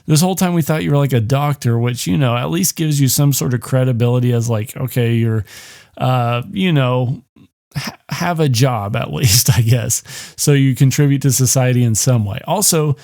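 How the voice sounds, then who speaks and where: A man hosting a podcast recaps a film in a casual, meandering way. His voice sits at an ordinary middle pitch. He swears freely and fills his sentences with "like" and "you know". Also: normal speed, creaky, darkish tone. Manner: rambling, profane, heavy on "like". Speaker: podcast host.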